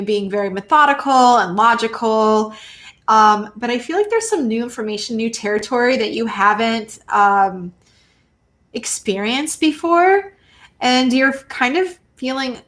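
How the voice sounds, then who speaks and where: Excitable woman host, lightly higher voice. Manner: excitable, gushing, laughs often. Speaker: host giving tarot readings. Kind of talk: casual live-stream chat.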